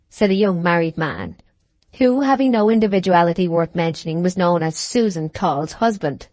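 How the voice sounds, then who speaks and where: A woman narrating a classic novel for an audiobook in a measured, even storytelling manner. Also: lowish voice, no echo.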